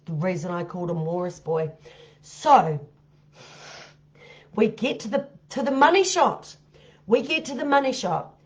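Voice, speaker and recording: A woman's voice: fairly high pitch, dull audio. Blunt, foul-mouthed woman on a livestream. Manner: blunt and heavily profane; often laughs at her own story. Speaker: live-stream host. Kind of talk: live-stream storytelling.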